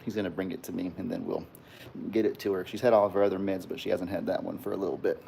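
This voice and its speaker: A man's voice: low-pitched, flat delivery, fast, gravelly, dark tone, slight background noise. A man in a casual farm vlog, talking in a folksy, rambling way into a phone camera outdoors. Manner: folksy, rambling, coos baby talk at cats. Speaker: farm vlogger.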